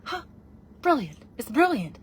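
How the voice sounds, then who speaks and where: A woman's voice: high-pitched, big pitch swings, a little slow, slight background noise. A woman, chatting in a casual, rambling vlog, playful and self-mocking. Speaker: vlogger.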